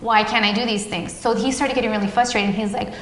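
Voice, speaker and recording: Woman guest, fairly high voice, lively storyteller who acts out quotes, in a reverberant café with faint noise. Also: quick pace. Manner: animated storytelling, acting out quoted dialogue. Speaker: guest, parent of a child with epilepsy. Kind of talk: casual interview conversation.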